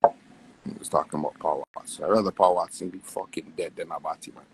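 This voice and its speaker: A young man, ranting profanely on a phone livestream, his voice jumping wildly between low and high. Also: fairly quick, creaky, breathy edge, low-quality recording. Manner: profane, animated, wild pitch swings. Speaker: livestream host. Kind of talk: casual livestream rant.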